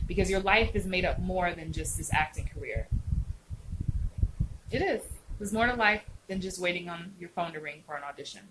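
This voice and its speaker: A woman's voice: lowish voice, animated, moderate pace, background noise. A woman acting coach hosting a casual live stream, chatting animatedly and answering viewers' comments by name.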